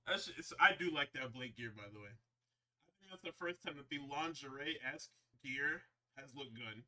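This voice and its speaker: A man's voice: mid-range voice, normal speed, pushed and bright. A man hosting a podcast, recapping wrestling shows in a rambling, profane, casual way with frequent laughs. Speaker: podcast host.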